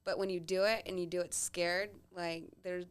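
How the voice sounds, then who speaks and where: A woman's voice: lowish voice, flat delivery, clean tone. A woman hosting an interview, encouraging and upbeat, affirming her guest often. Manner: encouraging, frequent affirmations and quick laughs. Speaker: podcast host. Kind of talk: interview conversation.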